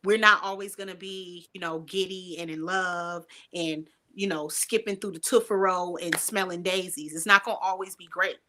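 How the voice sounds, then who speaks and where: A woman's voice: lowish voice, steady tone, moderate pace, few pauses, sharp tone. A middle-aged woman hosting a podcast, talking frankly in casual chat and piling up lists and rhetorical questions. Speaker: podcast host.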